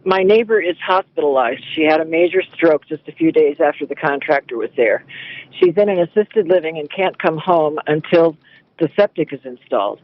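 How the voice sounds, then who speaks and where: A man's voice: a little high, lively intonation, moderate pace, dry recording. A man calling in to a radio show, earnestly explaining a neighbor's problem. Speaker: caller. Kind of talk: phone-in call. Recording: dull lo-fi radio stream.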